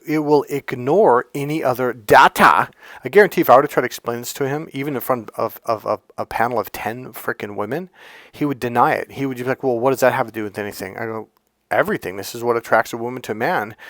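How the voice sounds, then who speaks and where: A man's voice: mid-range voice, a bit bright, dry recording. A man coaching other men on dating in a casual monologue, blunt and profane, and he mocks people with put-on voices.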